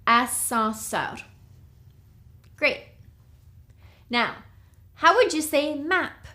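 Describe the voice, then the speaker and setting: A woman teaching a recorded language lesson, drilling words slowly and checking in with "okay?". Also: on the high side, lively intonation, a bit bright. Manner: slow, clear drilling of words with frequent "okay?". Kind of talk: recorded lecture.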